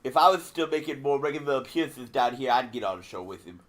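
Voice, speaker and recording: A man's voice: medium pitch, lively intonation, fast talker, fairly bright tone, pitched below the performer's own voice, lightly acted. A man doing an impression of a boastful, drawling old wrestling legend who teases his co-host and calls him baby. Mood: boastful teasing. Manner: swaggering, teasing, calls people baby. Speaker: podcast co-host. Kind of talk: comedic impression.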